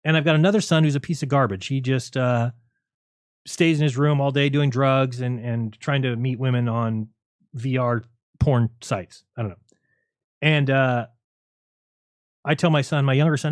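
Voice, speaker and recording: A man hosting a livestream, talking in a rapid, argumentative, sarcastic way to his viewers. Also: medium pitch, fairly even intonation, dry recording, studio quality. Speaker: livestream host. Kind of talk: casual livestream monologue.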